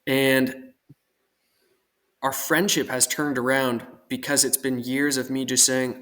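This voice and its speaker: A man's voice: mid-range voice, flat delivery, slow pace, fairly bright tone. A man from Oregon, a guest armorer on a podcast, talking in a casual, earnest and reflective way at length. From Portland, Oregon.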